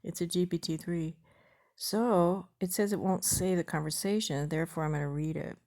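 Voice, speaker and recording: A woman's voice: fairly low pitch, steady tone, moderate pace, dark tone. A woman in her sixties casually reading out a chat log, chatty with wry asides. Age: 60s. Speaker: vlogger.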